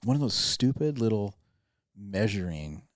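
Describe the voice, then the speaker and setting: A man's voice: on the low side, big pitch swings, a little slow, no echo, studio quality. A man, a pastor and podcast host, telling a self-deprecating story in casual chat with lots of restarts.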